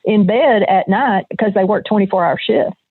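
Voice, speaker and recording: An older woman, a retired nurse, reminisces calmly about her career as an interview guest. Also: medium pitch, normal speed, no echo. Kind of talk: conversational interview. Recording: tinny phone-like line.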